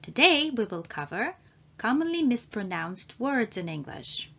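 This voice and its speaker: A woman language trainer giving an English pronunciation lesson, saying each word slowly and spelling out its sounds. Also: on the high side, big pitch swings, a bit bright, muffled recording. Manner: slow, deliberate, spells out sounds.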